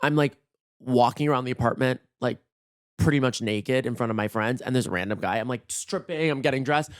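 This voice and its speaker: Hoarse gossiping man, dry close sound. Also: mid-range voice, brisk, dry recording. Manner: gossipy, animated, swears often, acts out quotes. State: voice worn out, hoarse. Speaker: podcast host. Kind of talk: casual solo storytelling. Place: in bed at home.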